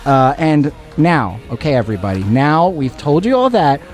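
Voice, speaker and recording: Lively, animated male radio host. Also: on the high side, moderate pace, soft background music. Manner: playful, self-mocking, stumbling restarts. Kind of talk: jokey radio banter. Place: radio studio.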